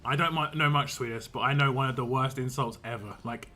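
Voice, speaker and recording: Bright-voiced man chatting on stream. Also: medium pitch, steady tone, fairly quick, hardly any pauses. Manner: rambling, chatty, laughs a lot. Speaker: game streamer. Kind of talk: casual live-stream chat.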